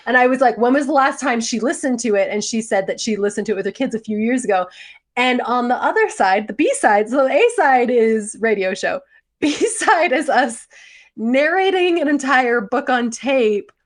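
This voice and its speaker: Animated woman in her forties. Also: fairly high pitch, moderate pace. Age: 40s. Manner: animated storytelling, laughs often. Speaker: podcast co-host. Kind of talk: casual chat.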